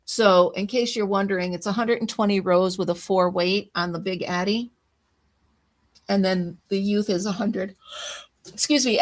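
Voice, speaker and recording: A chatty woman hosts a casual crafting livestream. She talks easily to her viewers and greets them by name as she pages through her notes. Her pitch sits in an ordinary middle range.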